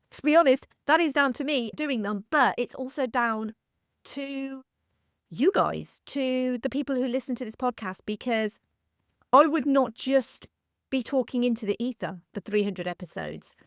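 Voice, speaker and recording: A woman in her thirties hosts a film history podcast, delivering a heartfelt solo monologue that is earnest, grateful, and a little emotional. Her high voice is expressive and unhurried, on a dry, studio-quality recording.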